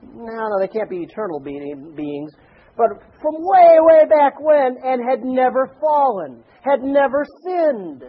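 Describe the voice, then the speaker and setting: A man preaching a sermon, telling stories animatedly and swinging between loud and hushed delivery. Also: sits high, husky, phone-quality sound. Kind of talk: sermon with storytelling.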